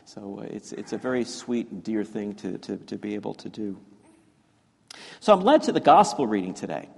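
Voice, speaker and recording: This pastor's fairly low voice is husky and a little mellow, with vocal fry and lively intonation at a normal speed. He's sharing a children's story in a church sanctuary sermon, chatty and self-mocking, stumbling through fillers and restarts, and the hall echoes.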